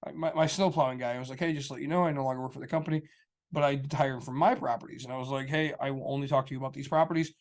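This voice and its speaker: A man's voice: medium pitch, fairly even intonation, very fast. A man co-hosting a podcast, rambling through a story in casual chat and acting out the people he quotes. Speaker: podcast co-host.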